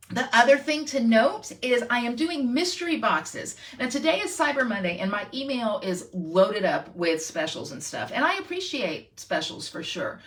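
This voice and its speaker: Bubbly woman, lively voice. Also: a little high, husky. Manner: bubbly, self-deprecating, talks to viewers. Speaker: crafting channel host. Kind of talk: chatty craft tutorial.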